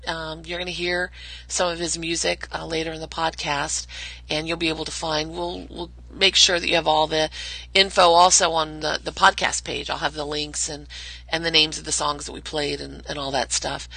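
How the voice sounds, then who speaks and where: A chatty woman hosting a podcast, her voice bright and forceful. She sounds eager, and her pitch sits a little low. The sound is close and dry, with almost no room around it. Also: flat delivery, normal speed, vocal fry, no room sound, rough recording. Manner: enthusiastic, chatty, many restarts and fillers. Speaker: podcast host. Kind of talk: casual podcast interview.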